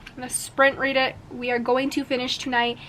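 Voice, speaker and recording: A young woman chatting casually in a reading vlog, excitable, gasping and swearing as she reacts. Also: high-pitched, a little fast, a little hiss or hum. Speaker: book vlogger.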